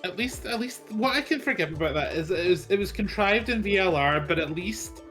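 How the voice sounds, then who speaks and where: A man's voice: sits high, animated, fairly quick, a bit bright, soft background music. A man co-streaming a game, chatting casually and picking apart the plot's logic while chuckling often. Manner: critical, picks apart plot logic. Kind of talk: casual chat.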